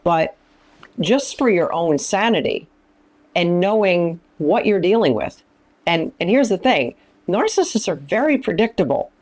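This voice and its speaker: Middle-aged woman, lowish voice, emphatic teaching talk, repeats herself to drive points home. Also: sing-song, unhurried, darkish tone. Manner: emphatic, repeats phrases, acts out quoted lines. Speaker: ministry founder and speaker.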